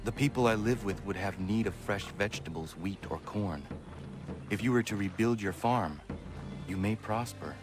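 An actor as a calm young assassin. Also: male voice, on the low side, music in the background, lightly acted. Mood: serious. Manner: measured and serious.

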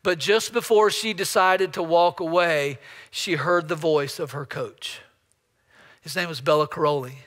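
A man's voice: on the high side, a little slow, a bit bright, in a large hall. A man preaching a storytelling sermon as pastor, often repeating words as he builds up a story. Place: church sanctuary.

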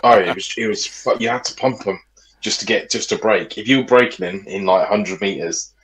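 Low-voiced laid-back man. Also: fairly quick, a bit bright, rough recording. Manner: laid-back, swearing, laughing asides. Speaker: podcast co-host. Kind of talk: casual chat.

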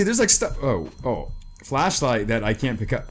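Man, horror game commentary, very lively swooping pitch, jumpy and excitable, noisy recording. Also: fairly quick, few pauses. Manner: jumpy and excitable, lots of repeated exclamations. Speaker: gameplay commentator.

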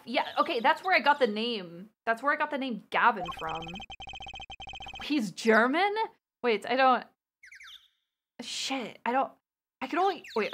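A young woman streamer chatting casually over a game she is playing, animated and quick to laugh. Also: a little high, slight background noise.

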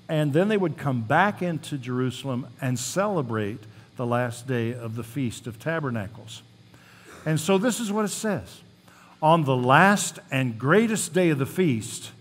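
A male pastor giving a sermon, reading scripture aloud with rising emphasis and telling folksy stories between the passages. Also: mid-range voice. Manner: reads scripture with rising emphasis, then talks plainly; folksy storytelling asides.

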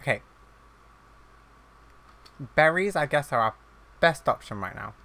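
A man's voice: mid-range voice, lively intonation, unhurried, bright, forceful tone. A man giving casual let's-play commentary on his own gameplay, chatty and easily flustered, exclaiming again and again when things go wrong. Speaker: gaming YouTuber.

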